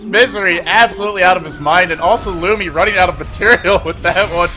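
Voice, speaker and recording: A man calls a live esports match in a slightly raised voice, excitable and quick to break into shouts and laughter. Music plays clearly behind his commentary. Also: high-pitched. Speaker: esports caster.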